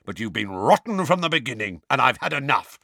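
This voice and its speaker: A man's voice: medium pitch, big pitch swings, brisk, creaky, sharp tone, no echo, studio quality, pitched above the performer's own voice, heavily acted. A man voicing a blustering, bullying middle-aged uncle who roars. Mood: contemptuous. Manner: roaring.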